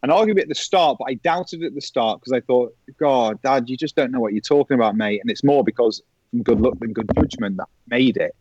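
A man's voice: medium pitch, a little fast, husky, dry recording. Guy, middle-aged, ex golfer telling stories, does the voices, dry slightly muffled audio. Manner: animated storyteller who acts out quoted voices. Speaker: podcast guest, former pro golfer. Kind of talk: casual anecdote telling. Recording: dry, slightly dull lo-fi sound.

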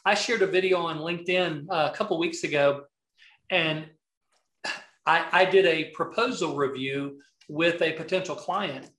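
In a reverberant room, a middle-aged man with a Southern accent speaks at normal speed with a fairly high pitch. As a video marketing coach guesting on a podcast, he wanders through lively anecdotes and keeps restarting his sentences in the casual conversation.

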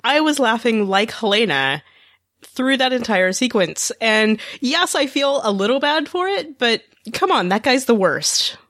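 A woman's voice: on the high side, very animated, fairly bright tone, dry recording, studio quality. A woman co-hosting a podcast, chatting casually and bluntly about a TV episode. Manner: blunt, emphatic, quick asides. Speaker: podcast co-host. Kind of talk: casual TV recap chat.

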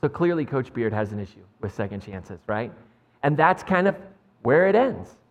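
A man's voice: medium pitch, very animated, moderate pace, lo-fi sound. A man preaching a sermon as pastor, talking conversationally with lots of "like" and "right?" and joking with the congregation. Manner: jokes with the congregation. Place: church sanctuary. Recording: long church reverb.

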